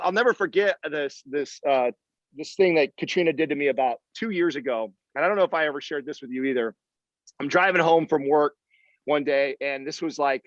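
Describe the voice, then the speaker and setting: A man's voice: fairly high pitch, dry recording, lo-fi sound. A man speaking as a podcast guest in casual interview talk, candid and emphatic and swearing freely.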